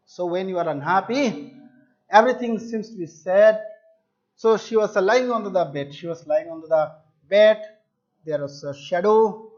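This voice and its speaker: A male English teacher explaining a story to his students, repeating and restating words to make the meaning clear. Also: high-pitched, measured pace, a little mellow. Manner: addresses listeners as dear children. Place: home or classroom video lesson. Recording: dull lo-fi recording.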